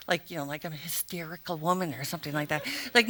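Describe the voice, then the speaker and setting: A middle-aged woman telling a comic true story live on stage, animated and self-mocking, acting out gasps and the people around her. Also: on the low side, brisk.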